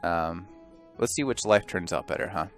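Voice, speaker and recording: A man's voice: low voice, normal speed, soft background music. A man rambling and joking through casual let's play commentary, often stopping and restarting mid-thought. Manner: rambling, self-interrupting, joking.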